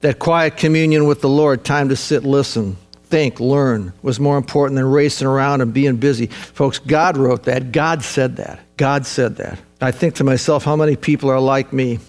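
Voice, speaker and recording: A man preaching a sermon, earnest and urgent at times, then soft and reflective. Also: mid-range voice, fairly even intonation, normal speed. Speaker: pastor.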